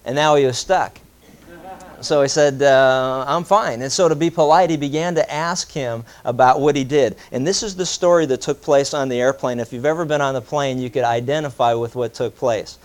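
A preacher telling an anecdote in a sermon, animated and voicing both sides of a conversation. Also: male voice, mid-range voice, a little fast. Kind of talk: sermon storytelling.

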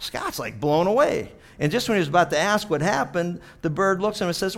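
Chatty preacher man with a higher voice. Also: animated, a little fast, a bit bright. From Pittsburgh. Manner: chatty storytelling, many "you know" asides. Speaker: pastor. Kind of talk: sermon.

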